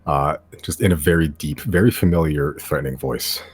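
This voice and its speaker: A man's voice: very deep voice, normal speed, slightly rough. A man narrating as game master in a tabletop game, with a casual, hesitant delivery full of fillers.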